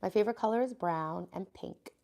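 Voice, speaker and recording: A woman's voice: medium pitch, brisk, creaky, a little mellow. An American woman chatting casually on a live stream, congested and sniffling, rambling and greeting viewers by name. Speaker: livestreamer greeting her chat.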